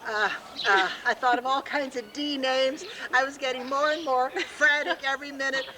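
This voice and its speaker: An older woman outdoors in a backyard, chatting and telling an anecdote to family on a home video, animated when she quotes herself. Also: high voice, moderate pace, background noise. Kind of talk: casual home video chat. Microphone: home video camera.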